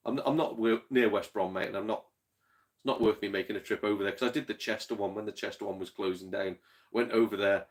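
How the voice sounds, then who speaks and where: A man chatting casually to livestream viewers, rambling, swearing freely and chuckling between rants. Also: fairly low pitch. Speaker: game collector streamer.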